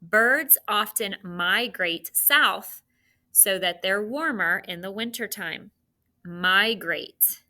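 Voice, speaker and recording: A woman teacher dictating spelling sounds and words to students, with slow, clearly enunciated delivery. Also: mid-range voice, lively intonation, pushed and bright.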